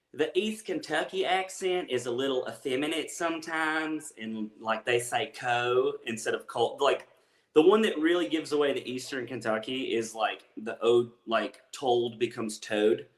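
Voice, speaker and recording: A man with an Appalachian Southern accent chats as a guest comedian, telling stories in a relaxed way. His voice sits in a middle range and sounds roomy and echoey. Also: mid-range voice, moderate pace. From Southwest Virginia, Appalachia. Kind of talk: casual interview chat.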